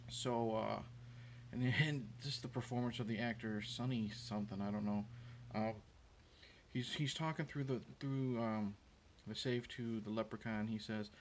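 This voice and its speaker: A man's voice: mid-range voice, moderate pace. A man hosting a show, casually recapping a movie scene in a rambling, hesitant way with many fillers and restarts. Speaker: host. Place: room with a window.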